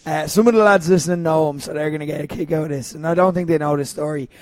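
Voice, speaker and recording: A man's voice: a little high, fairly even intonation, quick pace, darkish tone, no echo. A man co-hosting a podcast, telling stories with a giggly, anxious manner. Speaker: podcast co-host. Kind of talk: casual chat.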